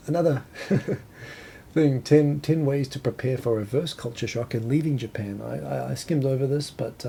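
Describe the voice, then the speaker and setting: A middle-aged New Zealand man hosts a casual live talk show, his accent softened after years abroad. His voice is gravelly and dark, and he rambles through a list with lots of restarts and asides. A faint rumble sits under the recording.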